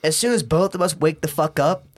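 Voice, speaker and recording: A young man recounts a messy night to a friend on a podcast, swearing freely and breaking into laughter. His voice sits a little high. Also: brisk. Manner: animated, swearing, laughing often, slangy. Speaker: guest. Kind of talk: casual storytelling chat.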